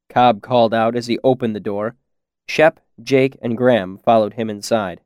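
A man reading an audiobook in a measured storytelling manner. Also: mid-range voice, fairly even intonation, a little mellow, clean tone, dry recording, clean studio sound. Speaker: audiobook narrator. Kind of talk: audiobook narration.

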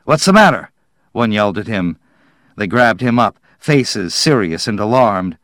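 Slow, measured male storyteller. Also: fairly low pitch, fairly bright tone, dry recording, studio quality. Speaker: narrator. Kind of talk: audiobook narration.

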